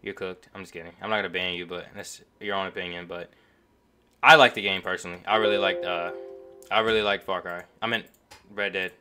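A man's voice: low-pitched, steady tone, fairly quick, pushed and bright, clear, resonant tone, faint music behind. A man giving casual, joking reaction commentary with offhand asides. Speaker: reaction video host.

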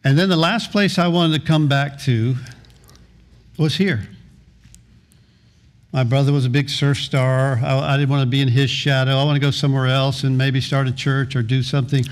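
A man's voice: mid-range voice, steady tone, normal speed. A middle-aged man preaching a sermon as pastor, earnest, often repeating and restarting words.

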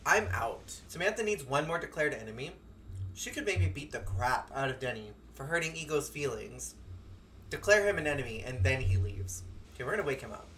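Wildly animated, bright-voiced game streamer. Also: mid-range voice, brisk, a little hiss or hum. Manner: animated, joking, prone to squeals and laughter. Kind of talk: let's-play commentary. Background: faint game music.

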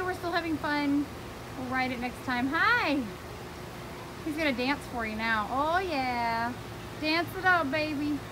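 Bubbly high-voiced woman vlogging. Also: background noise. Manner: bubbly and chatty, coos at animals. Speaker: travel vlogger. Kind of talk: casual vlog walk-through. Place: outdoors at a theme park.

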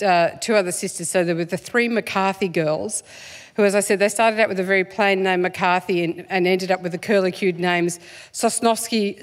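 A woman, an author guest, talking in a live stage interview, chatty and self-deprecating with frequent laughs and ums. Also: mid-range voice. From Australia, born in England.

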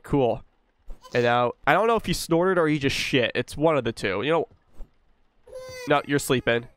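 A young man commentates a horror game with loose, joking profanity, scolding a baby in the game. His voice is clear and smooth, sitting a little high. It swings up and down a lot as he talks. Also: a bit bright, no echo. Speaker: gaming YouTuber. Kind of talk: let's play commentary.

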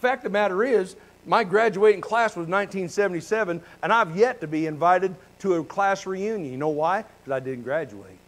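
A man's voice: sits high, a little fast, hardly any pauses, a bit bright, poor audio. A man in his sixties, a pastor praying fervently and then preaching in a folksy, candid way in a church. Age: 60s. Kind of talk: prayer and casual sermon. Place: church sanctuary.

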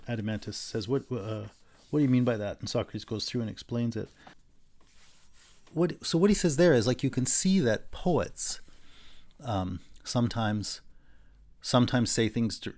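In a recorded university lecture, a man with a medium-pitched, slightly mellow voice talks about philosophy conversationally. He often restarts sentences and uses fillers, and he animatedly acts out the voices in his examples.

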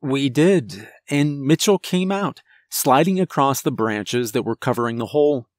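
Slow-paced man narrating a horror story. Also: medium pitch, lively intonation, a little mellow, dry recording, studio quality. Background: faint music.

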